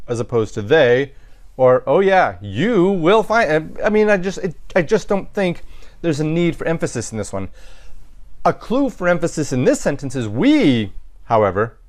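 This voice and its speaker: Male teacher, somewhat high voice, lecturing while thinking aloud and correcting himself. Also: big pitch swings, normal speed. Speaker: Latin teacher. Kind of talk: recorded lecture.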